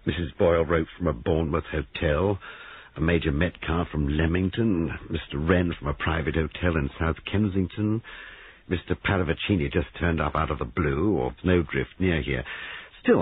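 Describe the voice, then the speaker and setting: A man voicing an excitable young newlywed guesthouse owner who speaks hesitantly in a storybook reading. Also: a bass voice, normal speed, slightly rough, exaggerated voice. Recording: tinny band-limited recording.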